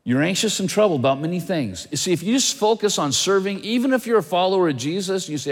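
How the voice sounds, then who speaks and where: A male pastor preaching a sermon in an animated way, asking his listeners question after question. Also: sits high, fast talker, few pauses, big-room sound.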